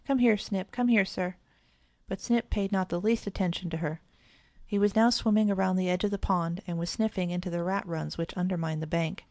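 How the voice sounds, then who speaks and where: Woman narrator for a children's audiobook, lowish and gravelly, dry close sound. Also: steady tone, fairly quick, darkish tone, no echo.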